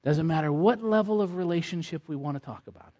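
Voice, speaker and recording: A man preaching a sermon, swinging between quiet, low passages and forceful, emphatic stretches, and ending in prayer. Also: fast.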